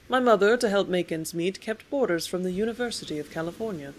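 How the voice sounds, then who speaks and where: A woman narrating an old first-person memoir as an audiobook, in a storytelling manner that grows lively in the dialogue. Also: medium pitch, fast, few pauses, slight background noise.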